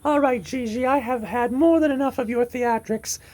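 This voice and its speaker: A woman's voice: on the high side, moderate pace, darkish tone, natural voice. A woman voicing a snooty, stern, impatient sister-in-law in an amateur audio drama, with a clipped, scolding manner.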